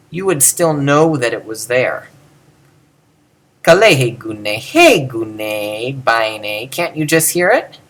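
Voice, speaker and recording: A man's voice: on the high side, fairly bright tone. A man giving an informal video lecture on Ancient Greek, thinking aloud and demonstrating pronunciations.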